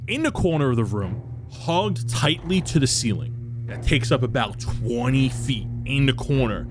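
A man's voice: mid-range voice, animated. Man narrating a tabletop game over music. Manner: descriptive, slow for effect, casual with fillers. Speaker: game master.

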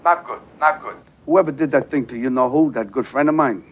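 An actor playing a volatile, hot-tempered middle-aged mob boss in film dialogue, halting and then bursting into sworn threats. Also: male voice, mid-range voice, lightly acted. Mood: uneasy.

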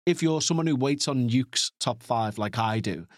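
This Northern English podcast host, a man with a Liverpool accent, talks at a normal pace in a mid-range voice. His chat is rambling, self-mocking and full of playful asides, recorded cleanly in a studio with no echo.

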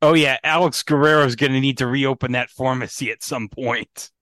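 A man's voice: mid-range voice, fairly even intonation, moderate pace, fairly bright tone, dry recording. A man co-hosting a podcast in casual chat, joking and quizzing his co-host.

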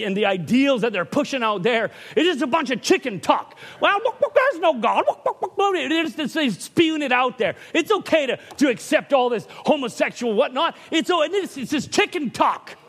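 Male preacher, high-pitched voice, animated sermon, calls for amen. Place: church.

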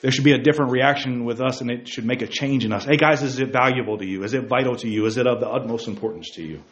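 A man's voice: mid-range voice, fast, dull audio. Man preaching with fervor in an echoey room. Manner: exhorting, repeats "hey guys", rising emphatic peaks. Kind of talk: sermon.

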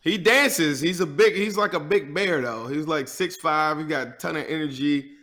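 A man's voice: on the high side, normal speed, sharp tone. An American man, a guest who hosts a podcast, chatting easily about football with many fillers. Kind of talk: casual sports chat.

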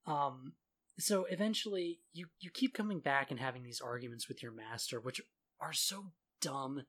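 Guy ranting about a game with his buddy, sarcastic, mid pitch, laughs a lot. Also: lively intonation, moderate pace, a bit bright. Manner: sarcastic, laughs often, mocks voices. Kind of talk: casual gaming chat.

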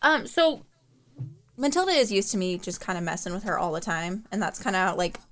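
A woman's voice: mid-range voice, sing-song, a little fast, fairly bright tone. Chatty woman with faint background noise. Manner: chatty, rambling with fillers. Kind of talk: casual chat.

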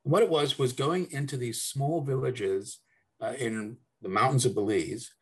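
Speaking at a normal pace in a mid-range voice with a breathy edge, this South African man, middle-aged or older, chats loosely on a podcast. His casual interview talk wanders, restarting often and leaning on fillers.

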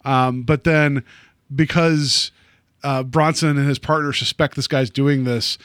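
A man casually recapping a movie plot on a podcast, rambling with lots of fillers and quick laughs. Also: medium pitch, fairly even intonation, fairly bright tone, smooth, no room sound, clean studio sound. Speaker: podcast co-host.

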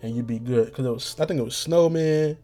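Young male podcast host, hoarse, dark mellow tone, rambling and profane. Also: medium pitch, brisk, soft background music. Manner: slangy, profane, rambling with restarts. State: getting hoarse. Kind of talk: rambling casual monologue.

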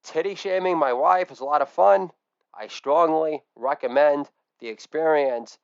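A middle-aged comedy podcast host delivers a crude, deadpan monologue, swinging between low mumbled asides and loud shouted catchphrases. He speaks unhurriedly in a smooth voice, with no room sound.

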